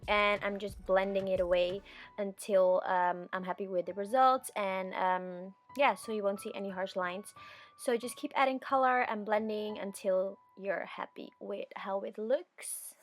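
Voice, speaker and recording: A young woman narrating a makeup tutorial as a voice-over, chatty and relaxed, with frequent ums. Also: mid-range voice, moderate pace. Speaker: beauty vlogger.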